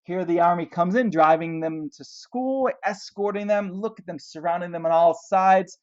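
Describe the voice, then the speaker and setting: A man's voice: high-pitched, moderate pace, muffled recording. A man teaching a history lesson, explaining events and asking rhetorical questions as he points out pictures. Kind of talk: classroom history lecture.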